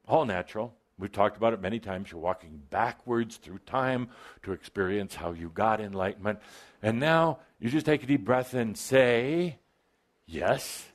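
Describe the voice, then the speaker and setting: A man's voice: fairly low pitch, normal speed. A man giving a channeled spiritual talk to a live audience, in a playful, teasing and theatrical way, stretching out key phrases for emphasis. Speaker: spiritual teacher addressing a live group.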